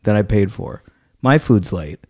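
A man in his thirties telling a story in casual chat as a podcast co-host, acting out the people he quotes. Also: measured pace. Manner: animated storytelling, acts out quoted people with rising pitch.

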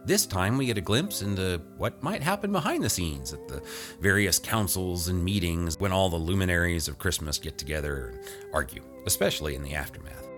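Deep-voiced chatty man over music. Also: expressive, fairly quick. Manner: chatty and informal. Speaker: podcast host. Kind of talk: casual story introduction.

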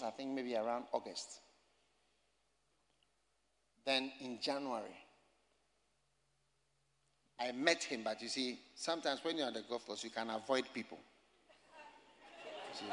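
A man's voice: mid-range voice, a bit bright. A man preaching a sermon, emphatic and repetitive as he tells stories. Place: campus gathering. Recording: echoey hall reverb.

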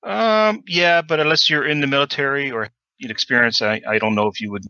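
A man with a very sharp, bright tone runs the game, pausing on ums as he makes his rulings. His mic sounds dull and lo-fi. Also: medium pitch, smooth, no room sound. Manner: hesitant, many ums while ruling. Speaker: game master. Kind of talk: running a tabletop game.

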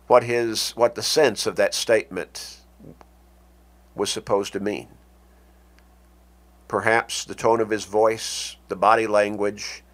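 A man preaching a sermon, speaking deliberately with dramatic pauses. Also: on the low side.

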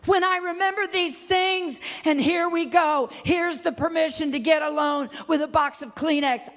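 A middle-aged woman preaching a sermon, swinging from loud impassioned cries to hushed, low, tearful tones. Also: normal speed, hardly any pauses, long reverb tail. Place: church sanctuary.

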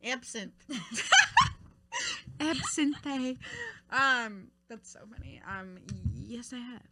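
A young woman chats on a podcast with a brash, crude edge. Her voice is quite high and cuttingly bright. She jokes loudly and breaks into laughter easily. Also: wildly swooping pitch, very slow. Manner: loud, crude, laughing banter. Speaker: podcast co-host. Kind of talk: casual chat.

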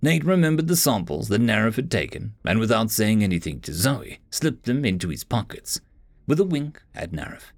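A man's voice: on the low side, very animated, moderate pace, no echo. A man narrating a story as an audiobook reader, lifting his voice a little for the characters' lines.

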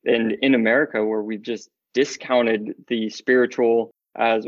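A man's voice: mid-range voice, little pitch movement, measured pace, few pauses, no room sound. A man talking earnestly and laughing often as a guest in a casual podcast chat about faith, with dull lo-fi sound.

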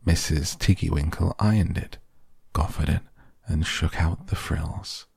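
A man narrating a children's storybook in a slow, gentle reading. His voice is very deep, gravelly and husky, and it sits dry and close to the mic. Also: no room sound.

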